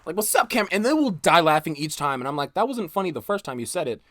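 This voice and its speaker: A woman's voice: deep voice, sing-song, fast, a bit bright, no room sound. A young woman hosting a podcast, telling stories in a blunt, darkly joking way and swearing freely. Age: young adult. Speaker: podcast host. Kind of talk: casual storytelling chat.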